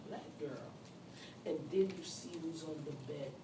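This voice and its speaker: A woman, giving a nursing lecture to a class in a loud, emphatic, conversational way with asides to her students. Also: sits low, a little slow. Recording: echoey classroom recorded from far off with background noise.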